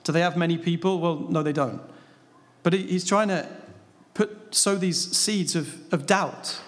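A man's voice: on the high side, unhurried. A man preaching a sermon, talking conversationally and asking his listeners rhetorical questions. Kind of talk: sermon on a Bible passage. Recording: long reverb of a large hall.

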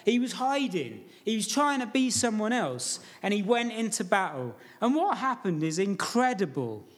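Guy preaching, fairly high voice, casual storyteller, keeps asking the room questions. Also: very animated, normal speed. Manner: informal storytelling, asks the congregation questions. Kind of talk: sermon.

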